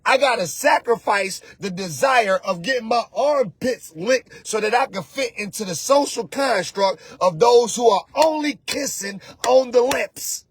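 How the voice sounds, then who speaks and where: Husky high-voiced man, animated and preachy. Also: measured pace, hardly any pauses, dry recording. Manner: animated, preachy, slangy, often shouting. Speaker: host and spiritual coach. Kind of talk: casual motivational talk.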